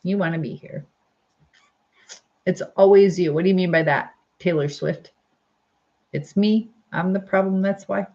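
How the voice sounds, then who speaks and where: Warm and on the low side, this woman's voice moves at a measured pace with frequent pauses, muffled by a phone or webcam livestream. She hosts casually, reading viewer comments in a chatty, upbeat way with many fillers and lots of laughter.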